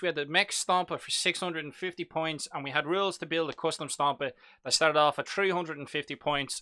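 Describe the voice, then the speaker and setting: Bright, chatty Dublin man. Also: a little high, smooth, no echo. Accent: Irish, Dublin. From Ireland. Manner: chatty, jokey, reads chat aloud. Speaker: hobby stream host. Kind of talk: casual live-stream chat.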